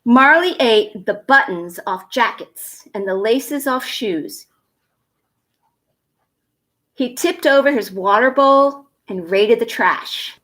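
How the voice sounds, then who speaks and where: A woman from a school reading a picture book aloud to children at home, gentle and expressive, a little nervous, chatting to the kids between pages. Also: mid-range voice. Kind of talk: storybook read-aloud for children.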